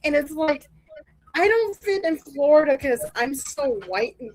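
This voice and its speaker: A woman's voice: high-pitched, expressive, unhurried, darkish tone, poor audio. A woman from the American Midwest chatting as a guest on a live stream over a video call, laughing often and acting out quoted conversations. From Midwest US, born in Michigan. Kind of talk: casual chat on a live stream.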